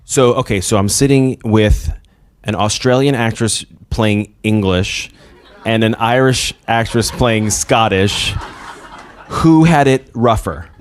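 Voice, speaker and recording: A man's voice: fairly low pitch, takes it slowly, clear, resonant tone. A man interviewing two actresses, asking questions in a playful, light-hearted way.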